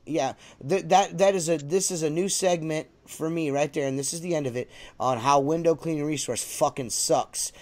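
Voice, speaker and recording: A man's voice: on the high side, moderate pace, few pauses, darkish tone. A man hosting a casual podcast, ranting and joking with heavy swearing. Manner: brash, profane ranting. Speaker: podcast host.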